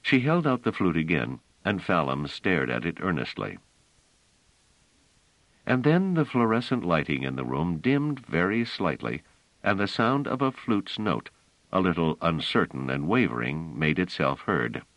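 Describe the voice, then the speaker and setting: A man narrating an audiobook in a measured, expressive storytelling manner. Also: sits low, no room sound, low-quality recording.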